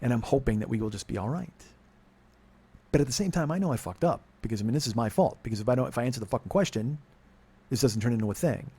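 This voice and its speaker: A man in his forties with a mid-range voice tells a confessional comedy story. His delivery is profane and self-mocking, and it swings between low, quiet muttering and sudden loud outbursts. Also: animated, fast, husky. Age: 40s. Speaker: podcast host.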